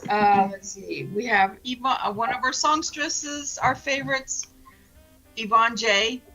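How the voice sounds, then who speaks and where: A woman's voice: a little high, a little slow, pushed and bright, faint music behind, low-quality recording. A woman co-hosting a radio talk show, announcing guests in a casual, upbeat chat and laughing often.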